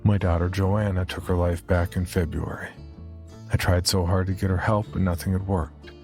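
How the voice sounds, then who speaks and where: A man's voice: low voice, little pitch movement, moderate pace, darkish tone, soft background music. A man voicing a haunted, grieving mother who hitchhikes, speaking in urgent, clipped commands in a horror podcast narration. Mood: somber.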